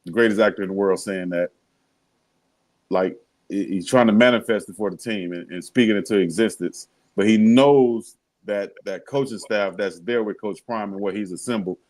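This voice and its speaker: Co-host: easygoing man, lowish voice, relaxed storyteller. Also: low-quality recording. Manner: laid-back storytelling, quick laughs. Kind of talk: casual sports talk show.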